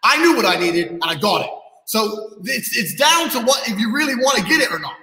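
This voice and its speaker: This podcast guest, a kickboxing champion, has an extremely high, very animated, pushed and bright male voice at a fairly quick pace. He rants bluntly and profanely, showing off about himself. Long reverb fills the echoey room.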